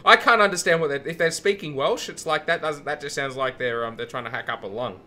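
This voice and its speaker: A man's voice: medium pitch, a little fast, pushed and bright. A man streaming a sim race, chatting casually with friends and laughing often. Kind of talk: casual chat while racing.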